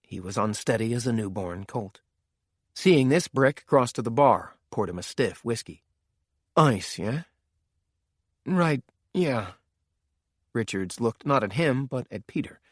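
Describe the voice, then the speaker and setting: A man narrates a thriller audiobook in a steady, measured way. His voice sits at a middling pitch. The close studio sound is dry, with no room echo. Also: slightly rough.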